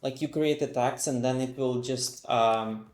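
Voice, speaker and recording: A man's voice: medium pitch, fairly even intonation, a little slow, darkish tone, roomy sound, faint music behind. A sleepy man live-streaming, thinking aloud with lots of fillers as he reads documentation and reacts. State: sleepy, yawning. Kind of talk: casual live-coding stream.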